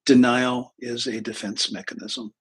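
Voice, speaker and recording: A man's voice: mid-range voice, level tone, measured pace, slightly rough, low-quality recording. A middle-aged man, a therapist and spiritual teacher, talking casually on a livestream in a rambling, self-deprecating way, full of fillers and restarts.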